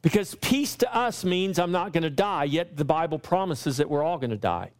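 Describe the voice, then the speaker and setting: A man preaching a sermon to his church, his voice sitting a little high for a man. He builds his points through repeated, rising lines. When he quotes scripture, he slows down and leans on each word. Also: expressive. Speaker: pastor.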